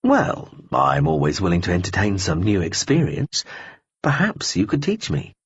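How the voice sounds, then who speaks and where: Brief: a sly, guarded charmer, as a male narrator plays him, husky, animated. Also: deep voice, moderate pace, dry recording, dull audio, full character voice. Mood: charming. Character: charming wary man flirting, sly, guarded.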